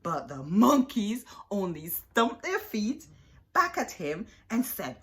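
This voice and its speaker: Animated woman reading a children's book. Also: mid-range voice, slow. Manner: animated, drawn out, with questions to young listeners. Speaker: children's storyteller.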